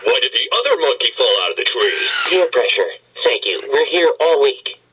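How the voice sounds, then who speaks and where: A man voicing Simon, a male talking robot toy who tells jokes in a deadpan delivery, heard through a hissy home video recording. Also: mid-range voice, normal speed, close to an everyday voice.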